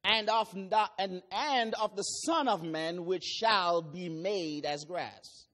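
A man with a high voice and a Jamaican accent preaches a sermon. He reads scripture slowly and deliberately, then breaks into sudden loud calls.

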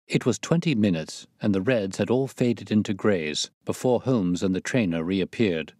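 Storyteller, low steady man, dry close sound. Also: no echo. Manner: measured, steady reading. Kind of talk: audiobook narration.

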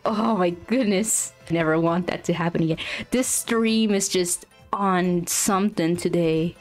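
Flustered young woman streaming, slow talk. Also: fairly low pitch, faint music behind. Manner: flustered, apologetic, frequent laughing exclamations. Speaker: streamer drawing live. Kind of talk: live stream chat.

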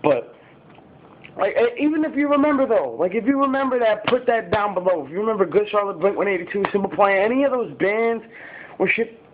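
A man's voice: high-pitched, animated, fairly quick, background noise. A fifteen-year-old boy chatting casually to camera, rambling with lots of fillers and swearing. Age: teenager, fifteen. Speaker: YouTuber. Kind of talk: casual vlog talk to camera. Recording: tinny phone-like sound.

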